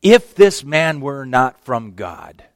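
A man preaching a verse-by-verse sermon in a conversational, animated way, acting out the scenes. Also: mid-range voice, slow pace, no room sound. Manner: animated, conversational, acts out the text. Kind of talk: expository sermon.

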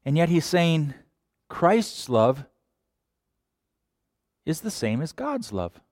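A man preaching a sermon, animated, sometimes acting out quoted voices. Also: on the high side, slow pace, no echo, studio quality. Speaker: pastor.

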